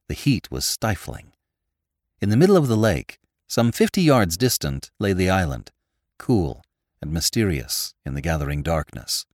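A man with a low voice narrates a classic story, measured yet lively in his inflection. His reading is recorded close and dry, with no room sound. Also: no echo. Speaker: podcast narrator. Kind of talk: audiobook narration of classic fiction.

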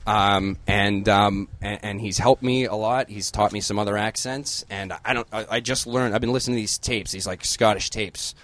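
A man from Boston in improvised comedy chat, talking in halting bursts full of restarts. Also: lowish voice, fairly even intonation, a bit bright. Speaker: comedy podcast co-host playing an actor.

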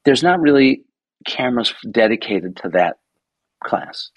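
A man in his sixties, a guest photographer telling stories in a casual interview, animated, swearing freely and acting out the people he quotes. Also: medium pitch, a little slow, no echo, low-quality recording. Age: 60s.

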